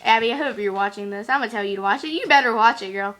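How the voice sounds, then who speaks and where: A woman talking casually to her camera at home, excitable and quick to exclaim. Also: fairly high pitch, a little hiss or hum. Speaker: vlogger. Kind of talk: casual chatty vlog.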